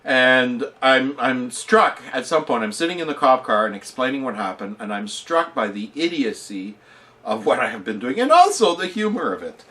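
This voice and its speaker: A man's voice: mid-range voice, moderate pace. A man vlogging, telling a rambling personal anecdote in a casual, self-mocking way and often chuckling at himself. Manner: animated, rambling storyteller who laughs at himself.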